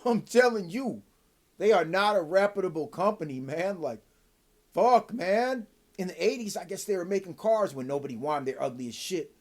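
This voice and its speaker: A man vlogging a profane, heated rant to camera, swinging between loud outbursts and low mutters, with a dry throat. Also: animated, moderate pace.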